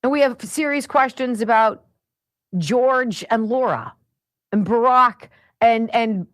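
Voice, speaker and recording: A middle-aged woman hosting a talk radio show, delivering an opinionated, sarcastic monologue and a host-read ad, laughing often and swinging between high excited bursts and low muttered asides. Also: takes it slowly, no echo, studio quality.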